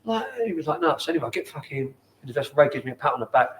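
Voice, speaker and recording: A man in his forties with a London accent, a former footballer telling stories in casual chat in a bar, animated and swearing often. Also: medium pitch, very fast. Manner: animated, swears often, acts out quoted people. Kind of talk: casual storytelling.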